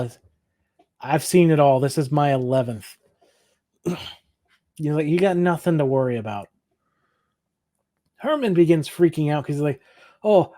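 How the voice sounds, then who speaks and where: A man from Michigan co-hosts a podcast, recapping an episode in casual chat with a slightly high, warm voice. He laughs often and acts out the characters' lines, and there is no room sound.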